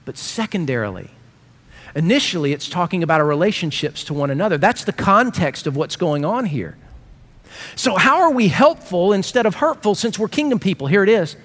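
A middle-aged man preaching a sermon as pastor, telling stories with animated, self-mocking humor. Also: high voice, brisk.

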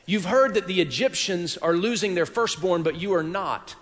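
A man preaching a sermon in a church, telling a story dramatically and swinging from hushed tones to loud peaks. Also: high voice, normal speed, hardly any pauses, long reverb tail. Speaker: pastor. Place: church worship hall.

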